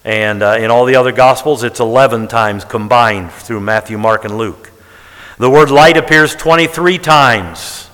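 A man preaching in a sermon style, leaning hard on key words as he works through counts. His voice sits at an ordinary middle pitch and carries a long reverb from a large hall. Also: a little slow, a bit bright, clean tone. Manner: emphatic, counting out word tallies with stress on key words. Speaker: preacher teaching the Bible. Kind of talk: sermon-style Bible teaching.

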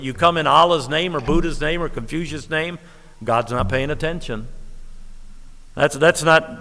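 A male preacher delivers an emphatic sermon in a bright, forceful voice pitched a little high. He stretches key words for weight and chuckles at his own points. His voice rings out with a long reverb, as in a church sanctuary.

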